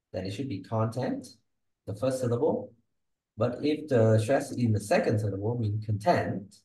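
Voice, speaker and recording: A man's voice: fairly low pitch, dark tone, echoey room, poor audio. A man teaching English and giving exam feedback, with a patient, explanatory manner and frequent check-ins. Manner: patient, explanatory, tags sentences with "okay?" and "huh?".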